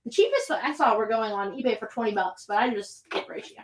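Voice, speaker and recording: A woman hosting a live comic book sales show, running through items and prices in a brisk, chatty way from a comic shop. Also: on the high side, slight background noise. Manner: brisk, chatty item rundown.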